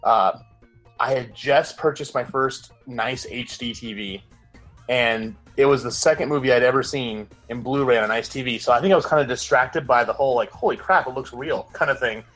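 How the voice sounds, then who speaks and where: A man with a husky, slightly breathy mid-range voice hosts a loose movie chat, drifting through fillers and half-finished thoughts. Faint music sits under him. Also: medium pitch, normal speed, fairly bright tone, poor audio. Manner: laid-back, filler-heavy. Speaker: co-host.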